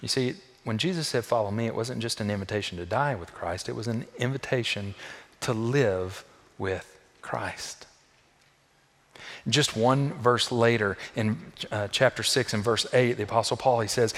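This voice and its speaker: A male pastor delivering a sermon to his church, repeating phrases for emphasis and swinging from loud, high peaks down to soft, low tones. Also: moderate pace, in a large hall.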